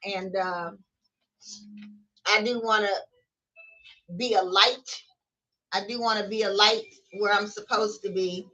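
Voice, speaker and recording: A woman's voice: mid-range voice, steady tone, takes it slowly, pauses often, pushed and bright, dull audio. A middle-aged woman chatting casually to her camera at home, folksy and chatty, often laughing and calling her viewers y'all. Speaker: vlogger. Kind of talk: casual spiritual chat to camera. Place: home room with TV and music playing. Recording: distant mic, faint music behind.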